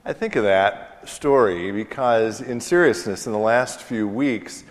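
A man in his forties preaching a sermon as pastor, telling a personal story in a relaxed conversational way with fillers and gentle self-deprecating humor. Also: lowish voice, measured pace. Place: church sanctuary. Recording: long hall reverb in church.

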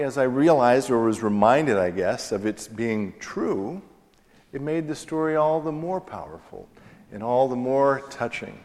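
A man in his forties preaching a sermon as pastor, telling a personal story in a relaxed conversational way with fillers and gentle self-deprecating humor. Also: mid-range voice. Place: church sanctuary. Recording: long hall reverb in church.

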